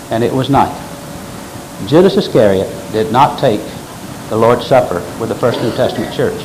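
A man's voice: mid-range voice, a little mellow, a little hiss or hum, low-quality recording. A man preaching a sermon, explaining scripture with emphatic stress and quoting verses aloud.

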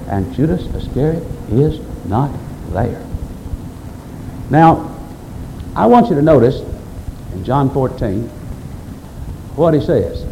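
Male pastor, lively rising-and-falling sermon delivery, mellow tone, faint room hiss. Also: fairly high pitch, normal speed, vocal fry, pauses often, low-quality recording. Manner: emphatic preaching, quoting scripture, rising and falling delivery.

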